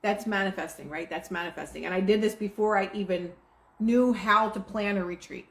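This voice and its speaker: This is a woman teaching manifesting in a relaxed, rambling way, full of "like" and restarts. Her voice sits in a middle register. She records on a home setup, and the sound bounces with a noticeable room echo. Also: mid-range voice, a little fast. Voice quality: relaxed, chatty, many fillers like "like". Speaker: host of a manifesting livestream. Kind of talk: casual spoken teaching. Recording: roomy echo.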